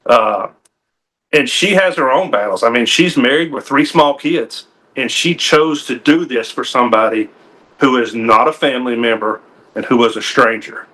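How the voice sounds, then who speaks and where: A man's voice: mid-range voice, normal speed, pushed and bright. A man, a game warden telling a personal story in a TV interview, folksy and earnest with frequent restarts.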